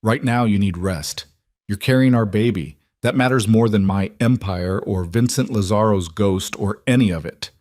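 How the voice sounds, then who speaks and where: A man voicing a guarded mafia boss husband in a read-aloud story, speaking in a low-key, earnest way. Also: normal speed, darkish tone, no echo, clean studio sound, lightly acted. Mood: gentle.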